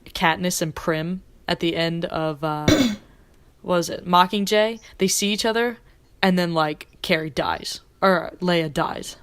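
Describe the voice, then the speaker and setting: A woman's voice: on the low side, takes it slowly, smooth. A young woman hosting a pop-culture podcast, chatting casually and rambling with fillers. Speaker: podcast host.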